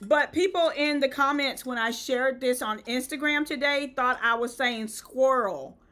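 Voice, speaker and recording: Woman, Southern US accent, host of a live craft demo; high, bright, patient and instructive. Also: measured pace. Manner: step-by-step instructive, checks in with "okay?". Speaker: event decor host. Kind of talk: live-stream how-to demo.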